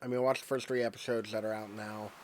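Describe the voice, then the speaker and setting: A man's voice: on the low side, flat delivery, fast, slight background noise. A man streaming a farming game, chatting casually and rambling with lots of "like" fillers. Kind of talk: casual gameplay chat.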